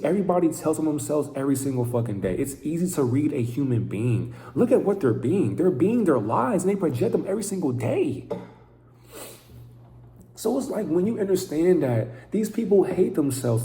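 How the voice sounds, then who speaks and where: Guy ranting hard into his camera, dark mellow voice, lots of swearing, echoey room. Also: fairly high pitch. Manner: intense, profane, preaching rant. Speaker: vlogger. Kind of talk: unscripted monologue to camera.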